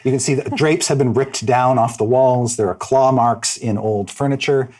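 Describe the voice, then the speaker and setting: A man's voice: medium pitch, normal speed. Man narrating as game master. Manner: descriptive, steady scene-setting with fillers.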